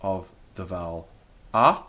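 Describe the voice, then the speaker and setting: A man's voice: low voice, a little slow, pushed and bright. A man teaching a recorded beginner language lesson, explaining patiently and demonstrating the sounds aloud.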